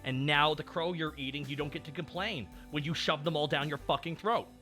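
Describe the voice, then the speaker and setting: A man's voice: on the high side, fairly quick, soft background music. A man streaming as a VTuber, chatting casually and ranting with lots of swearing. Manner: ranting, swears a lot, loud bursts. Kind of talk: casual chat.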